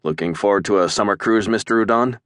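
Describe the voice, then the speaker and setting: Man playing a deep-voiced seasoned starship captain, wry, relaxed, dry studio sound. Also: quick pace, no echo, natural voice.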